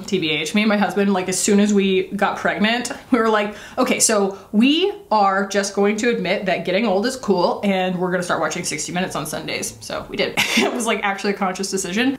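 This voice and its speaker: A woman in her thirties chatting through a makeup tutorial as a beauty vlogger, rambling with lots of fillers. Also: medium pitch. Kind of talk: casual makeup tutorial chat. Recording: echoey room.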